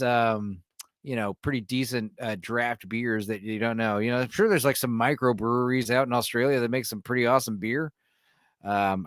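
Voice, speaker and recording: A man hosting a laid-back late-night livestream, reading viewer messages and going off on rambling, profane tangents. His pitch sits in an ordinary middle range, and he laughs often between thoughts. The recording is dry, with no room sound. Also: a bit bright, dry recording. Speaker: livestream host reading chat. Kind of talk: casual late-night stream chat.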